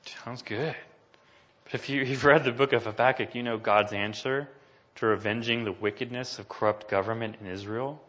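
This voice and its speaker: A man's voice: mid-range voice, steady tone, brisk, a bit bright, lo-fi sound. A man preaching a sermon, reading scripture passages aloud with rising emphasis and talking casually to the congregation between them. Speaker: pastor.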